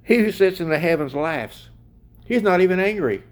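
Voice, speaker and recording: A man's voice: high voice, expressive, normal speed. Emphatic man preaching a sermon. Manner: emphatic, questions the audience directly.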